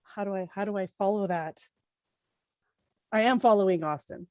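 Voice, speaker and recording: A woman's voice: mid-range voice, moderate pace, darkish tone, dry recording. Playful woman player, dry sound. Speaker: player and content creator. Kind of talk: casual stream intro.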